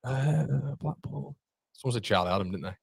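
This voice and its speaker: A man chatting excitedly on a live stream, reacting to the chat and the football match as he watches. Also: medium pitch, a little fast, vocal fry, breathy edge, no echo, clean studio sound.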